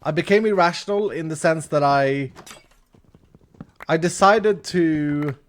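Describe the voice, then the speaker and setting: While gaming on stream, a Swedish man in his thirties tells a story in English with animation, a fairly high pitch, and a measured pace. He laughs often and restarts his sentences.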